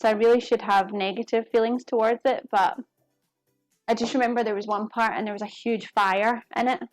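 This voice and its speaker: Woman, home cook streaming live, chatty and easy, a bit higher pitched, faint music under her. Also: steady tone, fairly quick, no echo. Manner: chatty, talks to viewers while cooking. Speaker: cooking streamer. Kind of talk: casual live cooking chat. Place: home kitchen.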